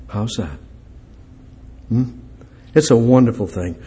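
An older male preacher delivering a sermon and then a prayer. He reads scripture aloud and swings between raised, emphatic bursts and soft, low phrases. His voice sits at a middling pitch. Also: lively intonation, measured pace, pauses often.

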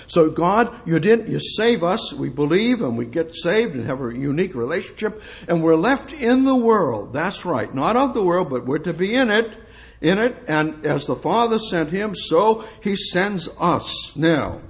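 A man preaching a sermon, reading scripture slowly and pressing his points with emphatic rhetorical questions that swing from soft to exclamatory. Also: a little high, big pitch swings. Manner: reads scripture slowly and deliberately. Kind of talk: expository sermon.

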